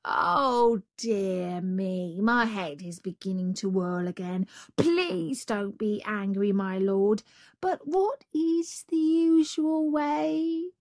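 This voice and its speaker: A woman voicing a sly male jackal who plays dumb, with a drawn-out, whining, mock-bewildered manner. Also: medium pitch, a little mellow, no room sound, clean studio sound.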